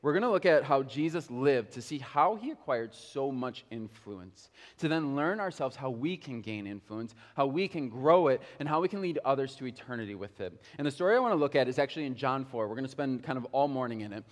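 Casual-talking pastor in a reverberant hall. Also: male voice, medium pitch, animated, a little fast, few pauses. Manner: casual, conversational, lots of "like" and "kinda". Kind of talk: sermon.

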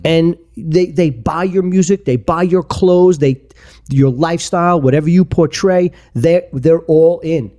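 A man's voice: a little high, unhurried, dark tone. A man co-hosting a podcast, making his point in a rambling, emphatic way full of restarts and repeats. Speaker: podcast co-host. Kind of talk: casual opinionated chat.

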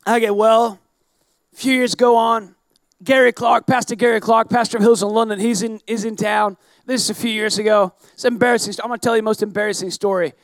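A pastor telling a self-mocking story in an animated sermon, often breaking into shouts. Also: male voice, high-pitched, a little fast, dry recording. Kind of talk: storytelling sermon to a live audience.

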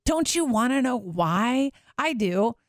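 A woman, hosting a faith radio show and podcast in a chatty, animated way with frequent laughter. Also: a little high, slow, no echo, clean studio sound. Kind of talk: casual faith talk.

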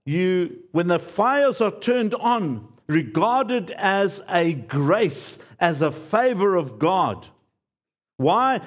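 A man preaching a sermon as pastor, earnest and pleading, repeating key phrases and dropping to quiet, low endings. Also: big pitch swings, extremely slow.

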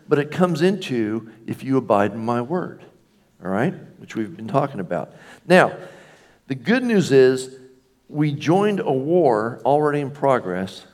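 A middle-aged pastor preaching to his congregation. His talk is casual and lively, and he jumps into short acted-out scenes and jokes. His pitch swings widely, from low asides up to sudden high cries. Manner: animated, acts out little scenes with jokey asides. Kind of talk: sermon.

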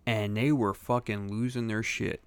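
A man's voice: fairly low pitch, flat delivery, moderate pace, clear, resonant tone, no echo. A man in casual chat, telling stories with heavy swearing and acting out other people's lines. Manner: profane storytelling, acts out other people's lines.

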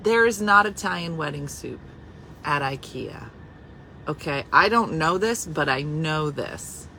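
Woman, casual chat, bright and forceful, faint background noise. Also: deep voice, unhurried, rough recording. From New Jersey. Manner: chatty, animated, swings to hushed asides. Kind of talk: casual chat reacting to comments.

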